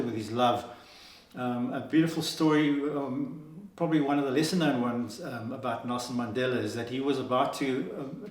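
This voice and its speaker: A man gives an earnest, upbeat inspirational talk in a mid-range voice. He talks through plenty of fillers and restarts. The room around him has a noticeable echo. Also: mid-range voice. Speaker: host.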